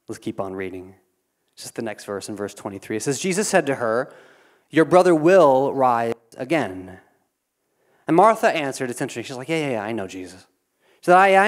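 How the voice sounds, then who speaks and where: A man preaching a sermon, earnest, often repeating words as he restarts, dropping quiet and then building to emphatic peaks. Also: mid-range voice. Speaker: pastor.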